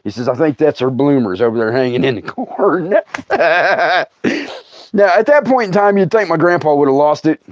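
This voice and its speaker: A man's voice: a little high, animated, moderate pace, dull audio, a little hiss or hum. A middle-aged man telling a comic family story, folksy and laughing often as he acts out his relatives. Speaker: storyteller host.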